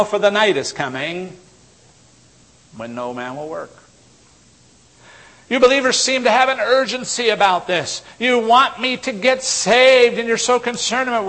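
A man preaching a sermon, swinging from loud exhortation to low, intense tones. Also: measured pace, pauses often. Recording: long hall reverb.

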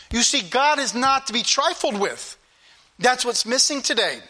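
A male preacher with a high, bright, ringing voice delivers his sermon emphatically. He repeats key phrases for weight and talks straight to his listeners. His tone stays forceful from line to line. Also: big pitch swings, moderate pace. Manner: emphatic, repetitive, addresses the congregation directly.

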